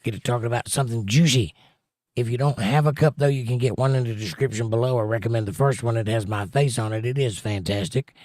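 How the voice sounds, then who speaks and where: A man's voice: mid-range voice, a little mellow, dry recording, clean studio sound. A man hosting a casual livestream, reading out viewer comments with a chatty, joking manner. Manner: jokey, chatty, quick to pun. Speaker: livestream host.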